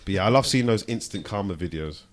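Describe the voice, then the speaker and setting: A man hosting a casual chat, telling stories in an animated way and swearing freely. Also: lowish voice, quick pace. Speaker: podcast host.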